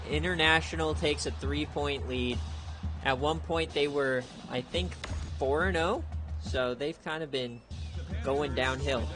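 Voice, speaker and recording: A young man giving laid-back play-by-play commentary on a streamed video game, chatty and prone to excited outbursts. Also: on the high side, a little slow, over music. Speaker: league streamer.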